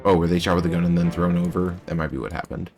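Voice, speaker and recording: A man's voice: low voice, fairly even intonation, fast, a little mellow, soft background music. A man with a General American accent, streaming a game playthrough and thinking aloud as he works through clues. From United States. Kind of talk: live game playthrough commentary.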